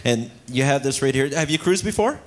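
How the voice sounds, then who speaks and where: On a ship's theater stage, a man hosting a cruise talent show jokes and teases the contestants with playful banter, handheld mic in hand. His voice sits at a medium pitch and sounds expressive and fairly quick.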